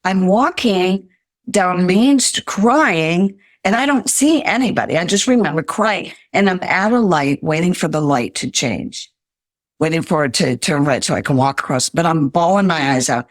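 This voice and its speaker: A woman's voice: on the low side, animated, moderate pace, no room sound, studio quality. An older woman, a podcast guest, earnestly telling her life story in an interview.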